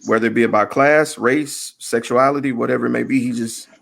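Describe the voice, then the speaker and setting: A man's voice: medium pitch, steady tone, brisk, gravelly, a bit bright. A man hosting a casual chat show, explaining his views at length in a thoughtful way. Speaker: podcast host.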